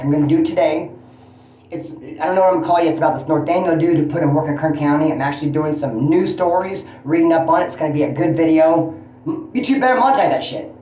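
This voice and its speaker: Fast-talking, profane man venting in an echoey room. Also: a little high, slight background noise. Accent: Californian. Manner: profane, venting, animated storyteller. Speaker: YouTube channel host. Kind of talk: casual rambling vlog. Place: motel room.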